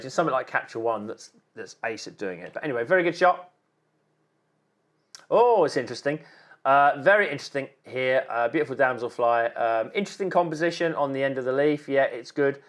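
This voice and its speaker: Guy going through viewer photos, friendly and chatty, lots of ums. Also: medium pitch. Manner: encouraging, chatty, many ums and repeats. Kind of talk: casual on-screen photo critique.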